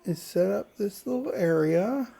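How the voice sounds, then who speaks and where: A woman's voice: mid-range voice, lively intonation, measured pace, vocal fry, warm tone, husky. A woman hosting a casual let's play, chatting playfully and reading game dialogue aloud. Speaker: gaming channel host.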